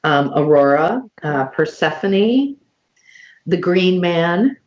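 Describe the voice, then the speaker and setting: A woman hosting a casual online conversation, listing items slowly with many fillers over a video call. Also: lowish voice, expressive, darkish tone, muffled recording. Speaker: podcast host.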